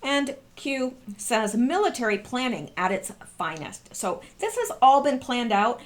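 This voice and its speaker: A woman hosting a casual commentary, explaining online posts and reading statements aloud with emphatic repetition. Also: fairly high pitch. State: coughing, throat clearing. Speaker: political commentary host.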